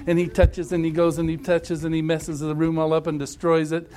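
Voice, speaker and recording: A man leading a family workshop, coaching a couple in front of a group through animated, emphatic hypothetical scenarios. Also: a little high, brisk, hardly any pauses. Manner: repetitive, emphatic phrasing.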